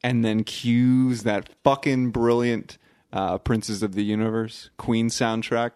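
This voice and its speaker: A man's voice: mid-range voice, little pitch movement, takes it slowly, a little mellow, clean tone, no room sound, clean studio sound. A man hosting a casual movie-review podcast, joking and swearing freely as he rambles through digressions.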